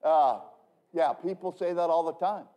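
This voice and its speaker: A man's voice: fairly high pitch, moderate pace, muffled recording. A man who is a pastor, preaching a casual evening sermon in a joking, rambling way, with emphatic bursts and frequent restarts. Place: church.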